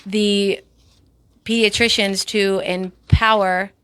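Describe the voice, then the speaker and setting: A woman's voice: medium pitch, flat delivery, slow pace, a bit bright, smooth, dry recording. A woman co-hosting a local talk radio show, speaking earnestly. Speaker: radio co-host.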